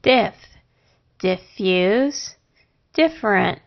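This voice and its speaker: A woman teaching a phonics lesson, sounding out syllables and words one at a time with long pauses between them. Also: medium pitch, expressive, gravelly. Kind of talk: slow, deliberate phonics lesson. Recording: dull lo-fi recording.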